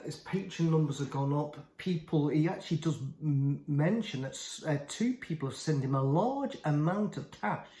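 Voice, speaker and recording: A man's voice: fairly high pitch, darkish tone. A man giving scornful, indignant critical commentary on a video channel. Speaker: YouTube commentator. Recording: roomy echo.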